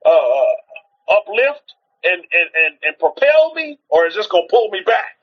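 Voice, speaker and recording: A man's voice: high-pitched, big pitch swings, a little slow, muffled recording. A man preaching in an informal teaching style on a livestream, exhorting his listeners, repeating rhetorical questions and often restarting his sentences.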